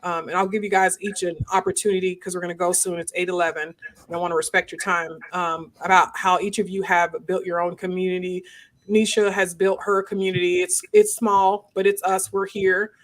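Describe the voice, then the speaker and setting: Woman host, casual live-stream chat, animated, jumps up in pitch for jokes. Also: a little fast. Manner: animated, laughing, rising to high pitch when joking.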